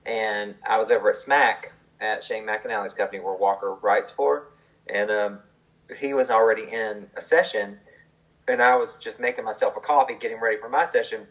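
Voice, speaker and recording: A man's voice: on the low side, fairly even intonation, normal speed, fairly bright tone, low-quality recording. A man, a songwriter, telling a story in a casual, chatty way, with lots of fillers and the odd laugh.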